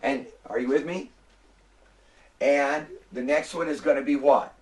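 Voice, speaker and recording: A man's voice: medium pitch, steady tone, measured pace, darkish tone, distant mic. A man lecturing a classroom as a Hebrew instructor, patient and repetitive, often prompting the students to answer.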